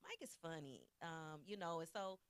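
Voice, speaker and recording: A woman's voice: sits low, normal speed, clean tone, no room sound. Woman guest on a talk show, interviewer type, easygoing slangy talk, dry close sound. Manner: conversational, encouraging, drops slang. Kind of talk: casual chat.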